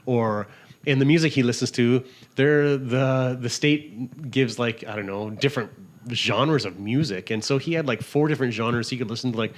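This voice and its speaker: A man from Canada, a travel writer, spins loose, animated stories as a podcast guest. He rambles, restarts, laughs along with himself and slips into quick voices for the people he quotes. His voice sits at an ordinary middle pitch. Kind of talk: casual storytelling interview.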